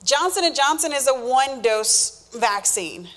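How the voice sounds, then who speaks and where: A woman's voice: high-pitched, expressive, a little slow, a bit bright. Chatty woman explaining vaccines. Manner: explanatory, many fillers and restarts, acts out the body talking. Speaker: health educator answering questions. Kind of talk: informal Q&A explanation.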